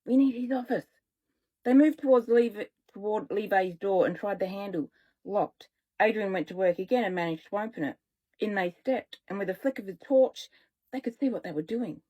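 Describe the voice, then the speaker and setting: A woman children's author reading her own story aloud, relaxed and unhurried. She stops to fix small slips and carries on in her ordinary middle voice. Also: mid-range voice, poor audio. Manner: relaxed, self-correcting.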